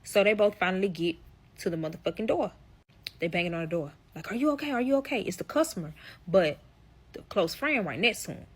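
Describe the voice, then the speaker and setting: A woman's voice: on the low side, animated, fairly quick, husky. A young woman telling a personal story to her viewers in a casual vlog, blunt, profane and emphatic, talking straight to the audience.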